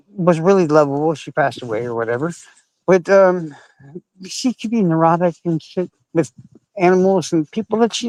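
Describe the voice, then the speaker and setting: A man telling a personal story casually, animated and full of swearing and fillers. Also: a little high, no room sound, low-quality recording. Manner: profane, animated, with frequent fillers. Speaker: podcast storyteller.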